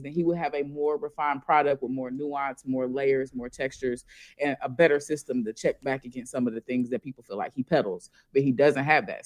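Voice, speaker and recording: A man's voice: a little high, a bit bright, no room sound, studio quality. A man co-hosting a casual live talk show, blunt and joking, swearing freely. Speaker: podcast co-host.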